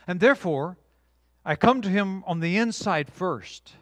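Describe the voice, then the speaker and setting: A man preaching a sermon with emphatic delivery, swinging from loud declarations to quiet, hushed lines, and drawing the congregation into call-and-response. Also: high voice, animated, measured pace, no room sound. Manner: emphatic preaching with dramatic shifts between loud and soft; engages audience with call-and-response. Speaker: pastor.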